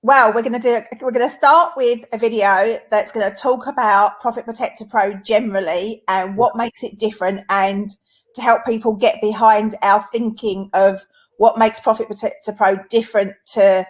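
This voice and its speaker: A woman with a strong Essex accent co-hosts a live online training. Her voice sits at an ordinary pitch, and she explains things in an orderly, conversational way. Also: fairly even intonation, moderate pace. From England. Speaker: co-host of a live training webinar. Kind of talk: casual live-stream chat.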